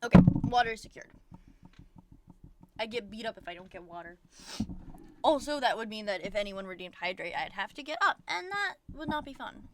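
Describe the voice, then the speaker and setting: A woman's voice: mid-range voice, lively intonation, fairly quick, fairly bright tone. A young woman streaming from home, venting and rambling with lots of profanity in casual chat.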